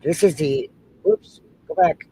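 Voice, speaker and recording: A man's voice: on the high side, wildly swooping pitch, takes it slowly, dark tone, breathy edge. A man co-hosting a reaction show, chatting casually and joking, humming to himself while he searches for clips.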